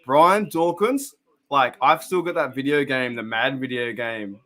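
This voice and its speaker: A young Australian man with a medium-pitched, fairly bright voice speaks at a measured pace. Hosting a casual fan live stream, he chats in a rambling manner with viewers while commenting on a game, laughing frequently and greeting viewers by name.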